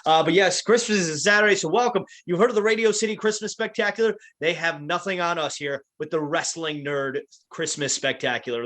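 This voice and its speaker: A man's voice: fairly high pitch, fairly bright tone. A man hosting a casual podcast, introducing co-hosts with playful wrestling-announcer flourishes. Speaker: podcast host.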